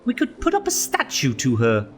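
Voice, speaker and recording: A man voicing a prim female dancing teacher in an animated storybook. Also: mid-range voice, normal speed, soft background music.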